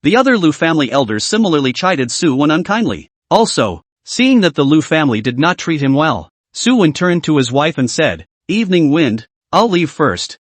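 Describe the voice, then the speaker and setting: A man's voice: a little high, no echo. A man narrating a comic story recap, reading every part in much the same voice.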